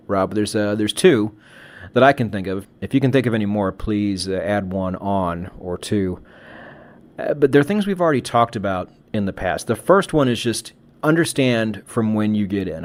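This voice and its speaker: A middle-aged man co-hosting a casual podcast conversation, talking reflectively and giving advice with frequent restarts. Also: on the low side. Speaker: podcast co-host.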